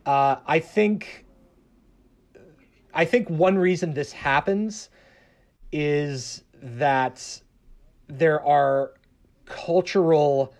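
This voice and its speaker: A public radio journalist from the American South, a man with a voice on the high side, works through a question as a guest on a casual panel. He talks extremely slowly with long pauses, hesitating and filling his speech with fillers and restarts.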